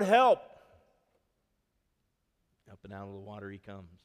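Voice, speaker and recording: A man preaching a sermon as a pastor, telling stories in an animated way and acting out the quotes in them. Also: on the low side, smooth. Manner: animated storytelling, acts out quotes. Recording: long hall reverb.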